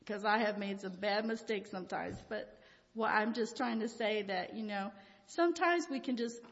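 A woman's voice: medium pitch, normal speed. An older woman giving an informal Christian devotional talk, telling rambling, folksy personal stories with frequent chuckles. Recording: reverberant hall, dull lo-fi sound.

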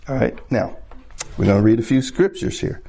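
A man's voice: medium pitch, expressive, moderate pace, dark tone. A man preaching a sermon in a conversational way, checking in with the congregation and repeating phrases as he builds his points.

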